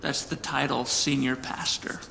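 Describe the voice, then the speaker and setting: A man voicing a hushed, firm divine voice. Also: mid-range voice, flat delivery, measured pace, creaky, in a large hall, a little hiss or hum, heavily acted.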